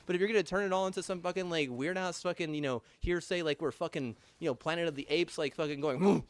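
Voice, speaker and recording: A man's voice: fairly high pitch, steady tone, no room sound. A young man in a rambling, angry rant, swearing constantly and stopping to restart his sentences. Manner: angry, heavy swearing, halting restarts and fillers.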